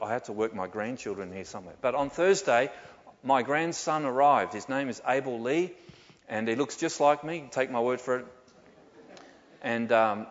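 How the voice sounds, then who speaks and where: Older pastor, animated sermon delivery, middle pitch, muffled sound in a long-echo church hall. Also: male voice. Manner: animated preaching with rhetorical questions.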